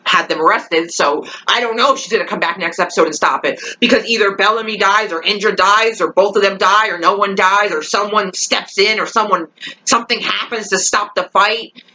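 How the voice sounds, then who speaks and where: A woman's voice: mid-range voice, fairly quick, pushed and bright, low-quality recording. A young woman ranting in a casual vlog, exasperated and rambling, full of fillers and swearing. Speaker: vlogger reacting to a TV episode.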